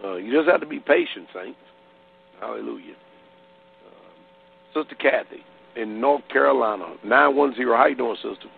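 A man's voice: medium pitch, moderate pace, gravelly, pauses often, slight background noise. A man, a pastor, hosting a call-in radio show and speaking to callers in a plain-spoken, conversational way. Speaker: radio pastor and host taking calls. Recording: tinny phone-line sound.

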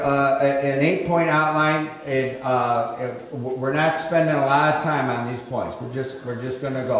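A middle-aged man, a pastor preaching a sermon, rising to emphatic preaching with quick asides. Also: on the high side. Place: church sanctuary. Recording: echoey hall.

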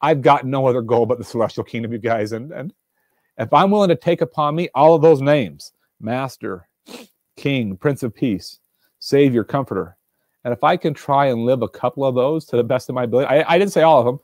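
A man giving a livestreamed devotional fireside talk from a room, earnest and animated, repeating his questions, stumbling over words and reading viewer answers aloud. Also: medium pitch, a little fast, dry recording, studio quality. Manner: reads viewer answers aloud from a live chat. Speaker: fireside speaker. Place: indoors room, alone.

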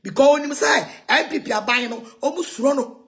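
A Ghanaian woman ranting heatedly in a mocking tone, shouting insults and laughing between lines. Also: high voice, brisk. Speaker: self-styled prophetess ranting on video. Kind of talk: heated rant in Twi and English.

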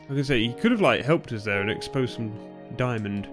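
A young man giving nervous, excitable commentary on a game he is playing, often bursting into shouts. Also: medium pitch, a little fast, soft background music. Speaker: gaming YouTuber. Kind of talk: Let's Play commentary.

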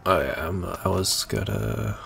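Low, gravelly man chatting over gameplay. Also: animated, unhurried, fairly bright tone, faint music behind. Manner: rambling, laughs often, thinks aloud. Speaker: gaming YouTuber. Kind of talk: casual gameplay commentary.

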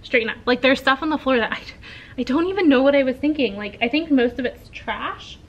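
A woman's voice: sits high, brisk, muffled recording. A young woman teacher chatting casually to camera for her vlog, upbeat and self-mocking, her nose sore and stuffy after surgery. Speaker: teacher and vlogger.

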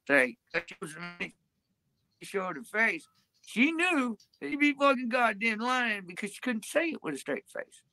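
An older woman with a gravelly, creaky voice that swings widely up and down in pitch. She talks bluntly and profanely, rambling from point to point in a tight, dry sound. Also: bright, forceful tone, no room sound. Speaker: interviewee in a played clip. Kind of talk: crude street interview talk.

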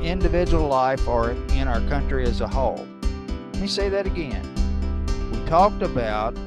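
A man teaching a church Bible class, deliberate and repeating his key lines for emphasis. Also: medium pitch. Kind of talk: Bible lesson.

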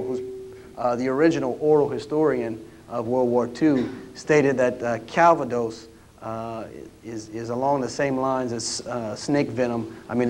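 A man's voice: mid-range voice, slight background noise. Folksy man telling war stories. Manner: folksy, anecdotal, with many "uh" restarts. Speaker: historian giving a lecture. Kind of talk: storytelling lecture. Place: lecture room at a history roundtable.

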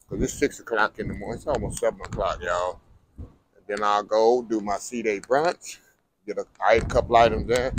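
A man's voice: medium pitch, poor audio. A middle-aged man, chatting casually to viewers as he walks around a cruise ship with a handheld camera. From Texas. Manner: chatty, addresses viewers as y'all. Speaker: food vlogger. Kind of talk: casual vlog narration. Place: aboard a cruise ship, walking the decks.

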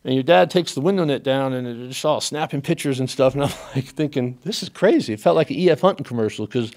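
A man's voice: mid-range voice, quick pace, a little mellow. A man as a podcast guest telling a story in a casual way, acting out the dialogue he quotes and laughing often.

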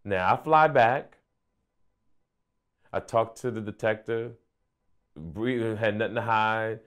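A male comedian calmly recounting a personal story in an interview. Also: lowish voice, takes it slowly, smooth. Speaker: comedian guest.

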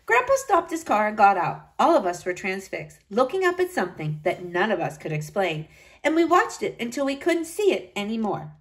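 Lively woman reading a storybook. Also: moderate pace, poor audio. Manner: lively, voices the children with high excited lines. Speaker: storybook narrator. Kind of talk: storybook read-aloud narration.

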